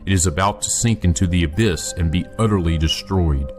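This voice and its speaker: A man reading the lines of an old grandfather who speaks in a slow, grave and measured way. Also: sits low, music in the background, lightly acted.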